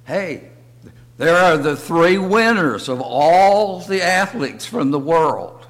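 An older man teaching a church Bible lesson in slow, halting short phrases. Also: a little high, animated. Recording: long reverb of a hall.

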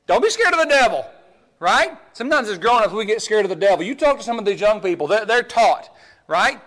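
A male pastor preaching with a notably high voice. His delivery is emphatic and full of stammered repeats, rising to loud urgency and dropping to quiet, close asides. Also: sing-song, a little fast. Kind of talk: sermon.

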